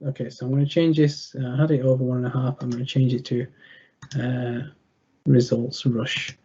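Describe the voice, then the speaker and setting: A young man giving betting tips over a video call, thinking aloud in a halting way with many fillers and restarts. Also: mid-range voice, little pitch movement, warm tone, breathy edge, highs cut off. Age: young adult. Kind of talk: thinking aloud while clicking through a screen.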